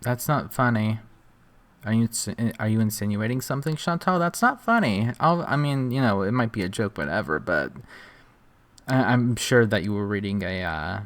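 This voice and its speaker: A man's voice: fairly low pitch, very animated, normal speed, fairly bright tone. A man giving sarcastic, mocking commentary while reacting to a livestream.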